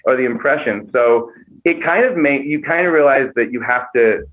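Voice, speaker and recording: An animated man talking through his craft, sliding into quick demonstrations of voices as he goes. His pitch sits in an ordinary middle range. The sound is narrow and tinny, like a phone call. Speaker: comedian and impressionist guest. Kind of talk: casual podcast chat.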